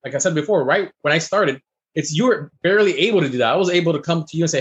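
A man with a husky, slightly raised voice talks casually as a chef guest. He rattles through his stories quickly and with plenty of animation, his words tumbling out fast. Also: on the high side, dull audio. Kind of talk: casual chat.

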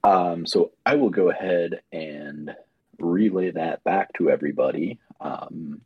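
A man plays his character casually in a tabletop game, hesitating now and then. His deep, husky voice moves a lot in pitch, and the recording sounds dull and dry. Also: unhurried, no room sound. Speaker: player.

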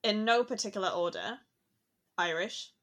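A woman's voice: medium pitch, normal speed, fairly bright tone. A woman chatting casually and thoughtfully, laughing easily as she talks. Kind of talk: casual chat.

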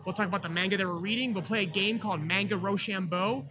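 A man's voice: high voice, fast talker, background noise. A man co-hosting a podcast, talking in an enthusiastic, chatty way. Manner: enthusiastic, talkative. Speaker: podcast co-host. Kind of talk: casual chat.

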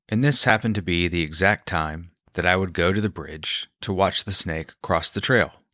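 A man calmly telling a personal story, quoting the people he met along the way. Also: low voice, dry recording, studio quality. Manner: calm, reflective storyteller.

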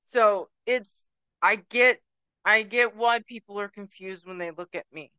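A woman's voice: medium pitch, unhurried, pushed and bright, clear, resonant tone, no room sound, highs cut off. A woman from Puerto Rico ranting emphatically to camera as a vlogger, dropping Spanish words into her talk. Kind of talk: emotional rant to camera.

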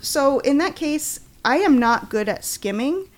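A woman co-hosting a casual book chat, enthusiastic and quick to read passages aloud. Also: sits high, animated, slight background noise. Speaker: podcast co-host.

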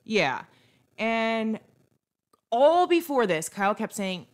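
A woman's voice: a little high, big pitch swings, takes it slowly, pauses often. A young woman co-hosting a podcast, chatting casually and ranting bluntly about celebrity gossip. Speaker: podcast co-host. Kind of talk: casual chat.

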